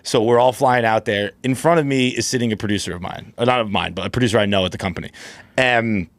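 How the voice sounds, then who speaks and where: A man's voice: on the low side, dry recording. A man speaking as a podcast guest in casual chat, stammering through restarts as he tells a story. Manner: quick, stammering restarts, laughs often.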